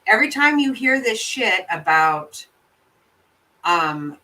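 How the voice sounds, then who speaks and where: A woman chats with her live viewers in a bright, sharp voice, blunt and quick to swear. She laughs easily as she talks. She sits a little back from the mic, so her voice sounds slightly distant. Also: mid-range voice, very animated. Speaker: livestream host. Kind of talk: casual chat reacting to viewer comments.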